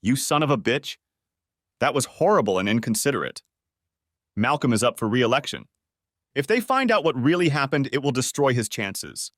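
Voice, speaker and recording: A man's voice: medium pitch, sing-song, normal speed, dry recording, studio quality. A man voicing a distraught adult wife who pleads and defends herself, in a story reading. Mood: upset.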